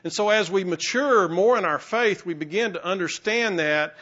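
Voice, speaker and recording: A man preaching a sermon as pastor in a conversational, halting way, with many restarts and fillers. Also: high-pitched, fairly bright tone, highs cut off.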